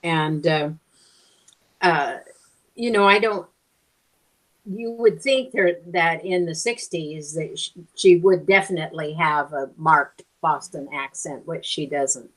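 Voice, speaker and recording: Older woman with a low voice, wry storytelling. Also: slow pace, poor audio. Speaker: podcast panelist. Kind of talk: casual chat.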